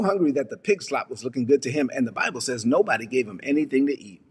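A man preaching a sermon, retelling a parable with lively storytelling and acted-out voices. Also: medium pitch, fast talker, slightly rough, in a large hall. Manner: animated storytelling, acting out characters. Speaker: pastor.

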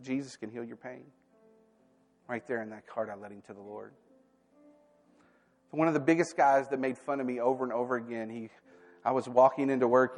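A man preaching a sermon, telling personal stories and acting out the dialogue with lively energy. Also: medium pitch. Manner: animated storytelling, acting out quoted dialogue.

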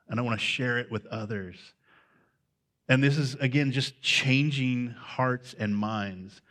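A man's voice: medium pitch, fairly bright tone. A man preaching as a pastor, talking loosely and conversationally with many fillers as he works through his point. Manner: conversational, unscripted, with frequent fillers. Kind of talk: sermon.

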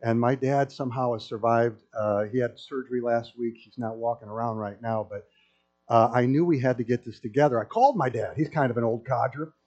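A middle-aged pastor delivers a sermon to his congregation, telling stories with humor in an animated way. His voice is medium-pitched and brisk, and the recording has a dull, lo-fi sound.

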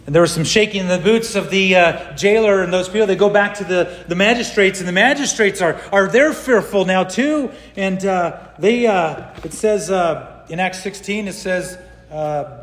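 Brief: male pastor, middle-aged, from California, high voice, storytelling sermon delivery, echoing hall. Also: moderate pace, fairly bright tone. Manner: storytelling, acts out the people he quotes. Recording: long hall reverb.

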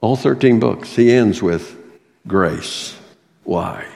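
A man's voice: fairly low pitch, slow pace, gravelly, darkish tone. A man preaching a sermon as pastor, earnest, reading out a testimony and scripture with swelling emphasis. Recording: long hall reverb.

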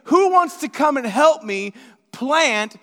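A man's voice: extremely high pitch, animated, takes it slowly, bright, forceful tone, big-room sound, pitched above the performer's own voice, full character voice. A man voicing a petty, indignant little red hen who scolds in emphatic repetition, told as a story in a sermon. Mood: coaxing.

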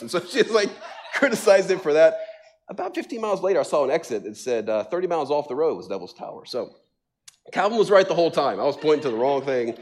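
A man's voice: medium pitch, quick pace. A middle-aged man, a pastor, telling funny stories in a sermon. He mocks himself, laughs often and fills his talk with "um" and "like.". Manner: animated, self-mocking storytelling with frequent laughter and fillers. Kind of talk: sermon, storytelling to a congregation. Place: church sanctuary.

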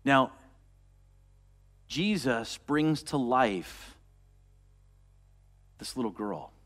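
A man preaching a sermon, retelling a story and dropping to a soft, quiet voice for quoted words. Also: mid-range voice, animated, very slow. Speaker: pastor.

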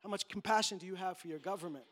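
A man's voice: sits high, very fast, fairly bright tone. A man preaching a sermon as pastor, emphatic and impassioned, acting out quotes as he goes.

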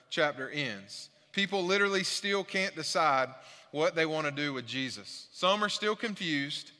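Guy preaching a sermon, kinda high and bright voice, really earnest, lots of hall reverb. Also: lively intonation, moderate pace. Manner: earnest, emphatic, repeats key points. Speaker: pastor. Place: church sanctuary.

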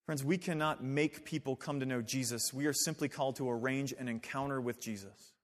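A man's voice: medium pitch, fairly even intonation, a little fast, big-room sound. A man preaching a sermon to his church, emphatic with conversational asides. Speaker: pastor. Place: church sanctuary.

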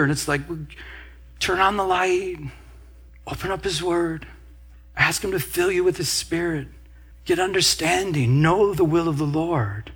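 Husky-voiced pastor preaching a sermon. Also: male voice, high voice, moderate pace. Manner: storytelling with quoted asides and laughter.

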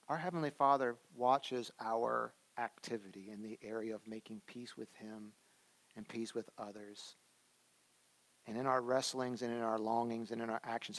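A man in his thirties, a pastor preaching a sermon in a conversational way, swinging between loud emphatic lines and soft, quiet asides. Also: medium pitch, level tone, brisk.

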